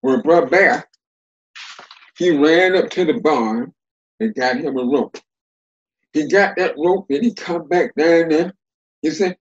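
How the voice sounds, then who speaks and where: An older man telling folktales as a storyteller, in a folksy, lively, dialect-rich way. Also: on the high side, slow, long pauses, highs cut off.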